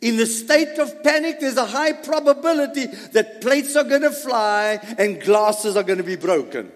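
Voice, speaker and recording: A man preaching a sermon, swinging between loud emphasis and soft asides. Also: very high-pitched, lively intonation, normal speed. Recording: long hall reverb.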